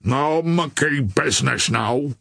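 A man voicing a desperate mutinous sailor who growls in rough slang. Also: mid-range voice, slow pace, fairly bright tone, no room sound, clean studio sound, exaggerated voice. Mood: growling defiant.

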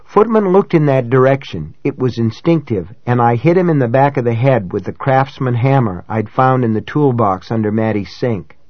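A man reading a novel aloud in first person, in a measured, dramatic way that rises for shouted dialogue. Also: mid-range voice, lively intonation, no echo, dull audio. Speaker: audiobook narrator. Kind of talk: scripted first-person narration.

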